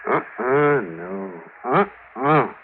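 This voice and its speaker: A sly drunk with a gun. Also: male voice, medium pitch, animated, extremely slow, a little hiss or hum. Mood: wheedling. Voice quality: slurred, drawling drunk speech. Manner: sly, pleading, menacing. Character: drunk, wheedling man with a gun. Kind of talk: 1940s radio acting. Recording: narrow-band old radio broadcast.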